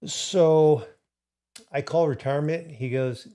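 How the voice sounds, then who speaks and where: A man's voice: fairly high pitch, a little slow, dark tone. A middle-aged man hosting a casual livestream, rambling through a story and answering viewers in the chat. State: recovering from hip replacement. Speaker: livestream host.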